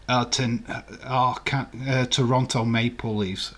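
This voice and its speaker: Speaking slowly in a mid-range, somewhat bright voice with a flat delivery, a man hosts a live watch-along stream. He chats casually and rambles while answering viewer comments, laughing often.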